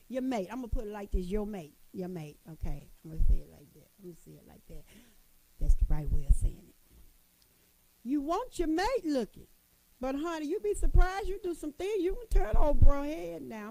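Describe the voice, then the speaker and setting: A middle-aged woman gives a motivational talk with a high-pitched but mellow voice. She is folksy and emphatic, circling back to the same phrases and calling her listeners honey. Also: low-quality recording. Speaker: motivational speaker addressing women.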